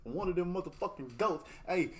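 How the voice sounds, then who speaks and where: A man's voice: high voice, expressive, normal speed, darkish tone, slight background noise. A young man hosting a reaction video, laughing and cussing as he talks back to clips. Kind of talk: casual reaction commentary.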